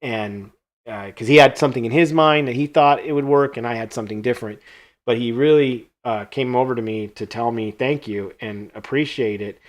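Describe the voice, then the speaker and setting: A man speaks casually as host of a live stream from his own art studio. His voice sits at an ordinary middle pitch. He tells a long story with energy, acting out what each person said and dropping into quiet asides. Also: a little fast. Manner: animated anecdote-telling that acts out quoted dialogue, trailing off quietly. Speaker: host and creature sculptor.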